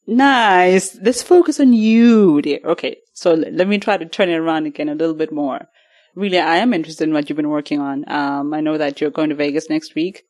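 A woman's voice: deep voice, brisk, a little mellow. Playful woman hosting a casual interview. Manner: playful, giggly, hesitant questioning. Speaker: guest host interviewing her husband.

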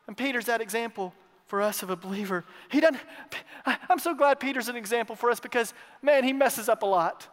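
A male pastor preaching in a church with a strikingly high voice. He swings from loud declarations to hushed asides and repeats his phrases. Long reverb from the hall hangs behind every line. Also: a little fast. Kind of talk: sermon.

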